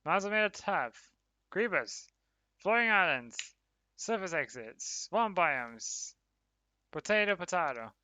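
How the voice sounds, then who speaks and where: A man's voice: high voice, very animated, unhurried, bright, forceful tone, no room sound, muffled recording. A man chatting casually with viewers while streaming a game, laughing often and talking to his chat. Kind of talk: casual livestream commentary while gaming.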